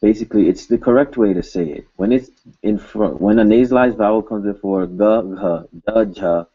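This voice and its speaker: A man teaching a recorded language lesson in an informal, joking way, saying example words slowly and more than once. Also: on the low side, slightly rough, dull audio.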